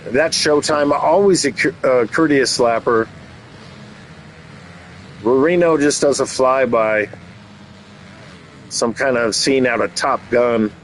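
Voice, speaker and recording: Slow and full of pauses, this medium-pitched male race commentator and channel host mixes his calls with jokey, teasing asides. There's a little hiss or hum on the low-quality recording.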